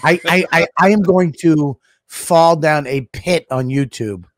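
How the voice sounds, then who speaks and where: A male podcast host in casual chat, excitable, laughing and swearing freely. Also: a little high, a little slow, dry recording, studio quality.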